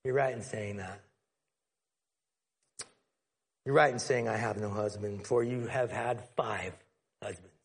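A man voicing Jesus as a calm, knowing figure who speaks softly and deliberately. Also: lowish voice, vocal fry, slightly rough, voice pushed down. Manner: slow, soft, measured. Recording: long hall reverb.

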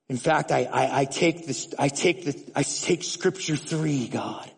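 A man preaching a sermon in an animated way, often restarting words and swinging between loud, emphatic lines and hushed ones. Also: on the high side, measured pace, vocal fry, hardly any pauses, slightly rough, long reverb tail. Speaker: pastor.

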